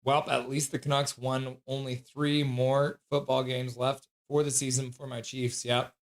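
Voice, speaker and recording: A livestream host with a medium-pitched voice reads viewer chat aloud in an unhurried way during a casual stream, laughing often and breaking into excited outbursts.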